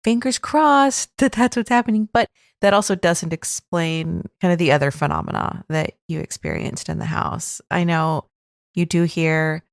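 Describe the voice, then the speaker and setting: A woman's voice: on the low side, moderate pace, creaky, dry recording, studio quality. A woman hosting a podcast, chatting loosely about listener stories, rambling and often breaking off mid-sentence. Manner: chatty, rambling, self-interrupting. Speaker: podcast host. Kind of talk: casual commentary on listener stories.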